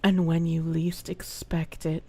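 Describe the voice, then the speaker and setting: A woman streamer voicing a cold, menacing villain who speaks in slow, low, deliberate threats. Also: completely flat delivery, creaky, mellow, heavily acted.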